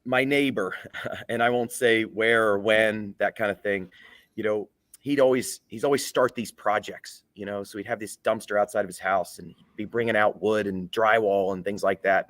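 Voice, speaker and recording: A man, a guest on a panel, telling a casual anecdote in a lively storytelling way before asking his question. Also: medium pitch, normal speed, no room sound.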